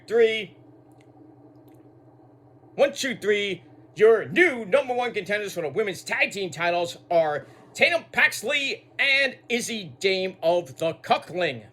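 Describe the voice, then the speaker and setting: A man recaps a wrestling show in a casual, rambling way, full of repeated words and asides. His voice is high and bright. His pitch jumps around a lot, and he curses without a second thought. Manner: swears freely.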